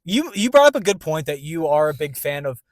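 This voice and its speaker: A man co-hosting a movie podcast in casual chat, animated and quick to laugh. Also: on the high side, dry recording. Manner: animated, excitable, laughs easily. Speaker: podcast co-host. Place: in a parked car.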